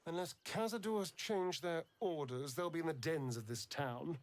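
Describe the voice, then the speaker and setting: A man's voice: fairly high pitch, normal speed, natural voice. An actor playing a vain, scheming male vampire spawn elf who speaks in a silky, dramatic way, savoring his words, in a video game.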